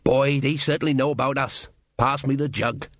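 A man's voice: medium pitch, steady tone, moderate pace, a bit bright, dry recording, clean studio sound, natural voice. A man voicing a boozy, gossipy country villager who drawls his words. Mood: drawling.

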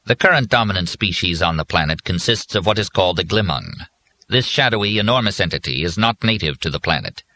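A man's voice: sits low, lively intonation, a little fast, bright, forceful tone, exaggerated voice. A man voicing a robotic government encyclopedia on the phone, curt and officious.

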